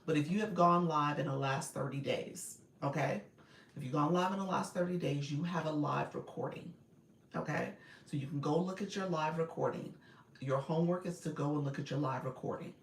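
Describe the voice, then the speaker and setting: A woman's voice: sits low, brisk, reverberant, slight background noise. A woman in her forties coaching on a livestream, chatty and direct, often breaking into laughter. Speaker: live-streaming coach. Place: inside a car.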